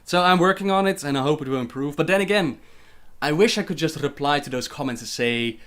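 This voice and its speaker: A young Dutch man speaking English with his home accent, running a relaxed livestream Q&A. His voice sits a little higher than most men's. He reads out questions from the chat and answers them in an easy, chatty way. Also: brisk. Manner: reads viewer questions aloud and answers chattily, with frequent laughs. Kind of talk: casual livestream Q&A.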